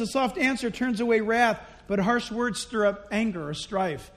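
A man delivers a sermon with an unusually high voice. He retells a Bible story in an animated way and acts out the characters' lines as he goes. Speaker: pastor.

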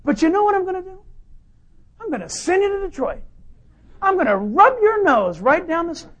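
A man voicing God as a loving father who teases, in a warm and coaxing way that turns playful. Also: very high-pitched, big pitch swings, normal speed, dull audio, voice pushed up. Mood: affectionate.

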